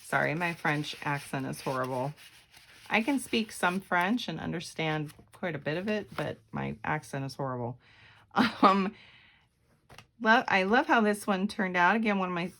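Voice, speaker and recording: A woman's voice: on the low side, normal speed, fairly bright tone. A woman showing a handmade journal on camera, chatty and meandering, with frequent ums and self-corrections. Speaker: craft vlogger. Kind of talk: casual craft flip-through.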